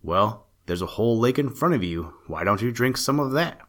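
A man voicing a naive, eager young male simpleton who calls out brightly in a storybook reading. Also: mid-range voice, animated, moderate pace, lightly acted.

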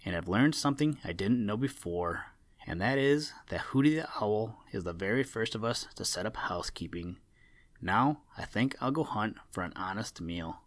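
A sly, sharp-eyed crow who loves to tease, speaking with mock kindness and a chuckle in the words, as a male storybook reader puts him on. The voice sits fairly low, and the recording is dry and close. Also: expressive, moderate pace, no room sound. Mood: reflective.

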